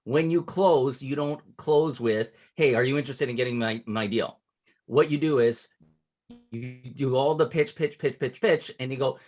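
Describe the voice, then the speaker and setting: A man coaching a client on closing sales, explaining patiently and acting out sample pitches at different speeds. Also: moderate pace, a little mellow. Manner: instructive, shifts cadence to demonstrate pitches. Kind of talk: casual coaching call.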